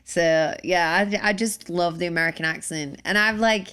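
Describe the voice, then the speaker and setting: A woman's voice: fairly low pitch, normal speed, fairly bright tone, clean tone. Chatty English woman singer. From England. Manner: chatty, many filler "like"s. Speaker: guest musician. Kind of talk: casual interview chat.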